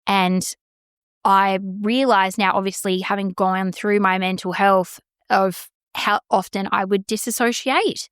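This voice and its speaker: A woman's voice: mid-range voice, fairly even intonation, unhurried, a bit bright, clear, resonant tone, no echo, clean studio sound. A woman, hosting a podcast and frankly telling a personal story, swearing freely and acting out the exchanges she remembers. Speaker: podcast host.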